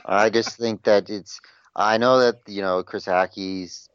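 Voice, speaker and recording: A man co-hosting a sports podcast, talking in a measured way that hedges with fillers, over dry lo-fi audio. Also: on the low side, fairly even intonation, a bit bright, clear, resonant tone, dry recording. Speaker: podcast co-host. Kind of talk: casual sports chat.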